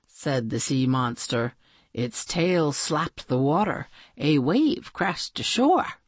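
A woman reading a children's storybook aloud with playful, expressive narration. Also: deep voice, takes it slowly, no echo. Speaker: audiobook reader.

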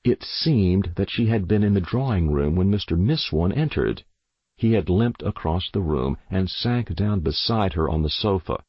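A man narrating a story in a slow, measured, expressive reading. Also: sits low, breathy edge, no room sound, muffled recording.

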